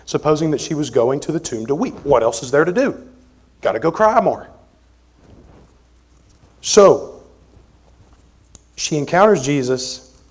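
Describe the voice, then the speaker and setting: A man preaching an expository sermon as pastor, conversational, moving between forceful emphasis and quiet asides. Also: on the high side. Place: church sanctuary.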